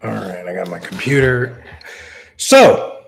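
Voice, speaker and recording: A man's voice: fairly low pitch, slow pace, gravelly, breathy edge. Rambling man chatting on a livestream. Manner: rambling, repeats and restarts phrases. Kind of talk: rambling casual livestream chat.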